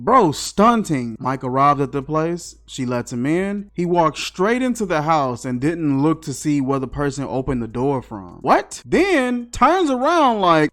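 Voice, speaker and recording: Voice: medium pitch, very animated, measured pace, few pauses. A movie reviewer giving comedic commentary in slangy casual talk, mocking each scene with incredulous questions.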